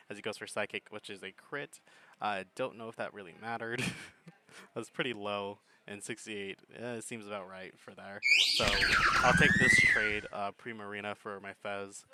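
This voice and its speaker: A man's voice: fairly low pitch, noisy background. A man giving laid-back, chuckling commentary on a game battle, thinking his plays through aloud. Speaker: gaming commentator.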